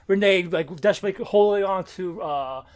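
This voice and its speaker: An excitable man co-hosting a casual podcast, explaining comic plot points and tripping over his own words as he goes. He talks quickly in a noticeably high voice. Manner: excitable, stammers and restarts. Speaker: podcast co-host. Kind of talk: casual comic book discussion.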